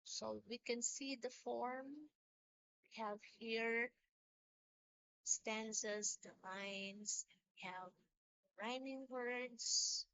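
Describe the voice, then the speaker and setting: Slow, bright-voiced woman teacher. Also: on the high side, fairly even intonation, no room sound, highs cut off. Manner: slow, deliberate explaining with restarts. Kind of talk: recorded lecture on poetry.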